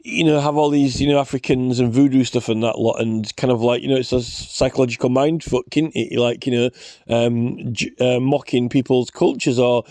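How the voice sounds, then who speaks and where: A man's voice: medium pitch, steady tone, normal speed, dark tone, no echo. A man in a rambling, scornful ranting commentary, full of fillers and restarts. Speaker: vlogger.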